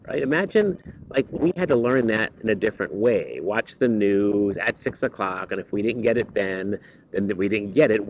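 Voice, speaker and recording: Teacher guy talking to the camera, kinda low voice, rambles with lots of uhs, gets lively making a point. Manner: rambling and earnest, many fillers and restarts; turns lively and higher when driving a point home. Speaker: high school teacher and club advisor. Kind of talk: casual vlog talk to camera.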